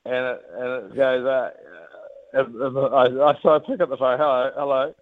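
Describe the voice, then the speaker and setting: A man in his fifties from New Zealand with a New Zealand accent, telling rugby stories as an interview guest in a rambling, animated way. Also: medium pitch, moderate pace. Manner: rambling, animated, many restarts. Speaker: guest, former rugby captain. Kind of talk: casual interview storytelling. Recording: tinny phone-like line.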